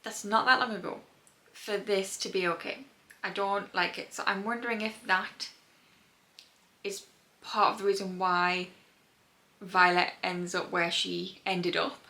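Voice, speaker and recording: A young woman with a light Geordie lilt chats casually to camera about her reading. Her voice is bright and clear at an ordinary middle pitch. She rambles and drifts off into side stories. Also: little pitch movement, measured pace, pauses often. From North East England. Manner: chatty, rambling, wanders into tangents. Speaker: book vlogger.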